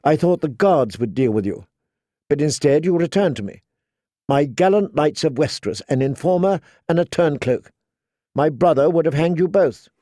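A woman's voice: sits low, animated, moderate pace, warm tone, no room sound, studio quality. A man voicing a stern, proud young queen with a firm, commanding delivery.

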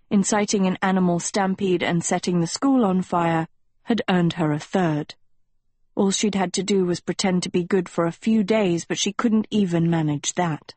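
A woman narrating an audiobook in a measured storytelling manner. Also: lowish voice, dark tone, no echo.

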